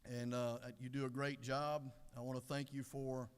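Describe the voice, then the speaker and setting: A middle-aged man giving a folksy devotional sermon, unhurried with many fillers. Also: mid-range voice, little pitch movement, clean tone. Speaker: devotional speaker. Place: legislative chamber. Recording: echoey chamber.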